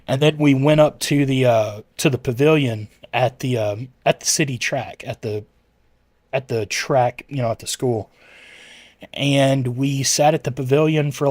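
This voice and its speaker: A man's voice: mid-range voice, fairly even intonation, a little slow, darkish tone, dry recording. A man chatting casually with his livestream viewers, rambling and correcting himself as he answers chat messages.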